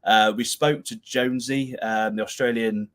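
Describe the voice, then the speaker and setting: A man's voice: medium pitch, steady tone, normal speed, fairly bright tone. A man hosting a casual live-stream chat on a video call. He talks in a rambling way and laughs often. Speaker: show host. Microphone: camera used as webcam.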